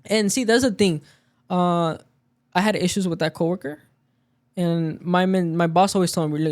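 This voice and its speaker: A man's voice: sits high, steady tone, normal speed, a little mellow. A man in casual podcast chat, telling a story about work and acting out the quoted lines of the people in it. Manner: storytelling, acts out quoted dialogue. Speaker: podcast guest.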